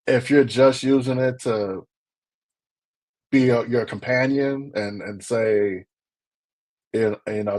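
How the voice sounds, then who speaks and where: Husky-voiced man making a business case. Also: mid-range voice. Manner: animated, repeats himself when making a point. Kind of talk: casual live-stream chat.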